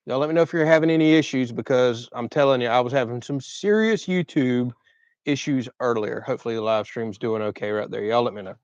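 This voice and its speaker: A man with a deep Southern Florida drawl, casually reading and answering viewers' questions on a livestream. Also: a little fast, clean tone, no echo, dull audio. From Southern United States. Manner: relaxed, reads viewer questions aloud and chats. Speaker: co-host of a channel livestream.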